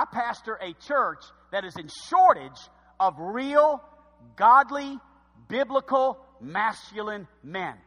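Man, pastor; impassioned sermon delivery, high-pitched, reverberant sanctuary sound. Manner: fervent preaching with swings from loud shouts to low emphasis.

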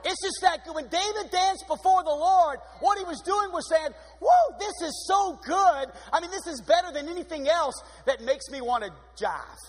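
A man preaching a sermon in an energetic, exuberant way, with sudden swings in pitch. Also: normal speed, hardly any pauses. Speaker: pastor. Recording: long hall reverb.

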